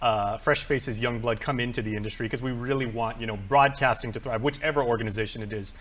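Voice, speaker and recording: A man's voice: medium pitch, fairly even intonation, fairly bright tone. A man hosting a casual studio interview, upbeat and joking with his guests. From Guam. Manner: upbeat, joking, quick-talking. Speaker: host. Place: radio or TV studio.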